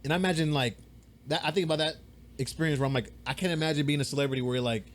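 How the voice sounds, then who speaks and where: A young man co-hosting a podcast, telling a story in a rambling, animated way, swearing freely and acting out the voices of people he quotes. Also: fairly high pitch, rapid-fire, a little hiss or hum. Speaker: podcast co-host. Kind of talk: casual storytelling chat. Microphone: podcast mic.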